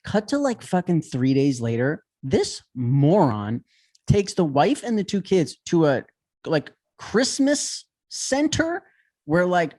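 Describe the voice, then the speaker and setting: A man co-hosting a podcast, telling a story in an animated, ranting way with lots of swearing. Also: a little high, takes it slowly. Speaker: podcast co-host. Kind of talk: casual chat.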